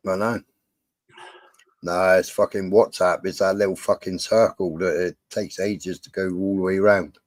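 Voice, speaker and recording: A man's voice: low-pitched, steady tone, normal speed, dry recording. A man with a Cornish accent, swearing and teasing in casual banter on a video call. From Cornwall. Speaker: live stream participant.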